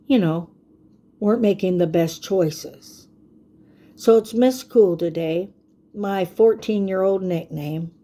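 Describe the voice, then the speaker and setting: A woman's voice: mid-range voice, warm tone. An older woman giving a folksy, preachy faith talk to camera, often checking in with "okay?". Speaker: vlogger.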